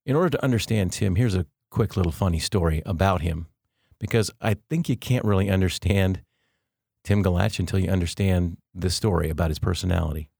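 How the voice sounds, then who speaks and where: A middle-aged man with a notably low voice hosts a faith podcast. He tells personal stories earnestly, with gentle humor and slow, weighted phrases. The sound is close and dry, with no room in it. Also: gravelly, husky, dry recording. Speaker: devotional podcast host. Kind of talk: faith-based storytelling podcast.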